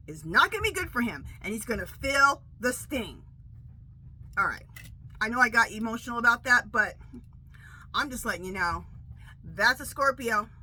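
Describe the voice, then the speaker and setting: Middle-aged woman, casual tarot chat, high-ish bright voice, faint noise behind. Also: rough recording. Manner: animated storytelling, repeats "okay?". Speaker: tarot reader.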